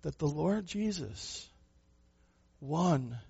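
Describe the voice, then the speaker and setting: A pastor preaching a sermon, a man who speaks with emphasis, asks rhetorical questions and moves between loud and soft passages. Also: fairly high pitch, animated, extremely slow, vocal fry, breathy edge, lo-fi sound.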